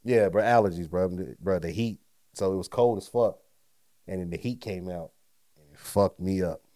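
A man co-hosting a podcast in casual chat, joking and cutting in with quick, slangy remarks. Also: deep voice, warm tone. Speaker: podcast co-host.

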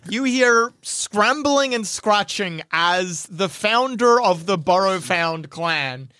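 A game master narrating a tabletop game in a deadpan, drawn-out way. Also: medium pitch, no echo, studio quality.

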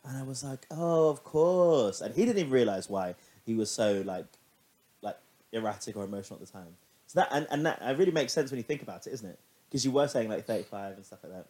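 A man in casual podcast chat, chatty and animated, swearing freely as he tells stories. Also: lowish voice, fast, slightly rough. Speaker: podcast co-host.

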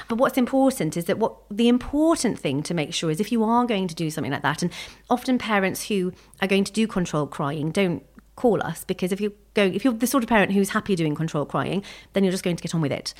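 Fast-talking woman sleep consultant. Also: medium pitch, expressive, a little mellow. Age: adult parent. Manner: fast, chatty, evidence-focused explaining. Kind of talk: podcast interview.

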